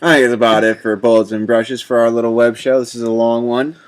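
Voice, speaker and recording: A man's voice: mid-range voice, little pitch movement, quick pace, clear, resonant tone. A man co-hosting a casual web show who chats with his friend and drops in short, dry remarks. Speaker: co-host. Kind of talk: casual chat. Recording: noisy background.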